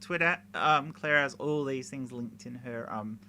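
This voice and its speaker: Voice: mid-range voice, a little slow, crowd noise. A co-host in casual chat, upbeat and giggly, plugging upcoming shows and asking viewers to subscribe.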